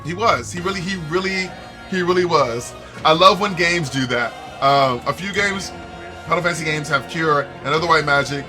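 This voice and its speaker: A man with a somewhat high voice streams a video game at a moderate pace, joking and reacting animatedly as he talks to his chat. It's casual gameplay commentary with game music playing behind him.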